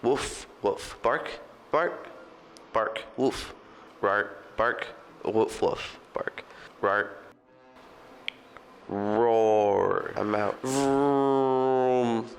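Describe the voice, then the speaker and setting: A young man barking and woofing like a dog in a flat, deadpan way. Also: mid-range voice, slight background noise. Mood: goofy. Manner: deadpan, drawn-out barks and woofs. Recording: long hall reverb with music behind.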